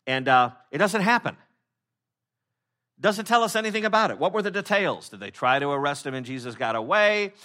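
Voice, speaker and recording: Male pastor, conversational sermon, bright tone, lots of fillers, acts out quotes. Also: a little high, animated, brisk. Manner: conversational, many fillers and restarts; acts out quoted speakers in short voices.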